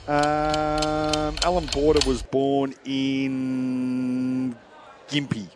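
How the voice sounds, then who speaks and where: A man's voice: mid-range voice, monotone, drawn-out words. Australian male co-host, laid-back chatty delivery, noisy background. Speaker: radio co-host and quiz contestant. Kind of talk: casual on-air radio banter.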